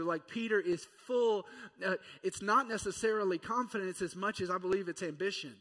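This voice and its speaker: In a church hall with audible reverb, a pastor in his thirties preaches in a high-sitting, slightly fast, somewhat bright voice. His sermon is conversational and playful, and he acts out the quotes he cites.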